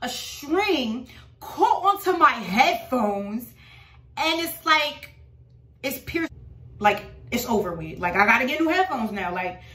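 A woman's voice: sits high, big pitch swings, takes it slowly, pushed and bright. Emphatic woman preaching in a roomy echo. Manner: emphatic, dramatic, addresses viewers as y'all. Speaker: religious vlogger. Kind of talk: casual preaching to followers.

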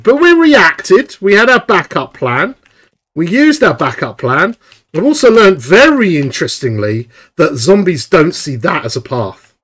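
A young man giving excitable, chatty live commentary while streaming a video game. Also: fairly high pitch.

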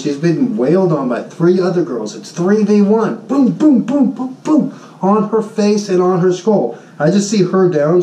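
A man, a high school Spanish teacher, telling a story in a jokey, boastful vlog and acting out his own shouts. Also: roomy sound, far from the mic, a little hiss or hum, poor audio. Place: Honolulu.

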